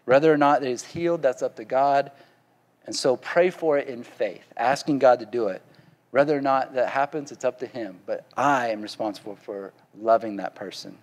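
Southern man preaching in an echoing hall. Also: medium pitch. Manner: conversational, folksy, asks the congregation questions. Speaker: pastor. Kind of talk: sermon.

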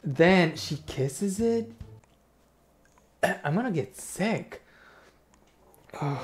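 A man's voice: high-pitched, sing-song, takes it slowly, long pauses. A young man reacting to a clip with sarcastic, profane comments and exaggerated disgust.

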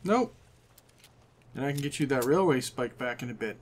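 A man's voice: mid-range voice, expressive, normal speed. A man hosting a casual let's-play, chatty and amused, greeting things on screen as he plays. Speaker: gaming channel host.

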